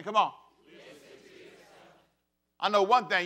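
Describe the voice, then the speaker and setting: A man in his fifties preaching a sermon as pastor, swinging between loud bursts and hushed asides. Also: a little high, normal speed. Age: 50s.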